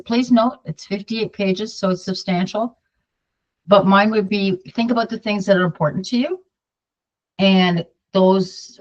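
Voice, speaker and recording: An older woman from Canada chatting casually to her viewers, wandering off on side points and repeating herself. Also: lowish voice. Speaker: political vlogger. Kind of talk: casual talk to camera. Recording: dull lo-fi sound.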